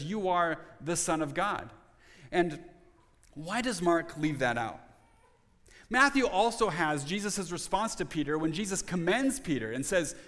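A male pastor delivers a sermon in an earnest, conversational way, circling back and restarting phrases as he explains. His voice sits a little high for a man, and a long reverb trails each phrase in the room. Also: a bit bright.

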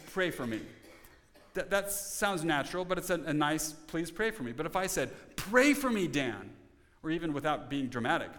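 A man's voice: a little high, fairly bright tone, in a large hall. A man preaching a Sunday sermon as pastor, earnest and conversational, often restarting and repeating words. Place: church sanctuary.

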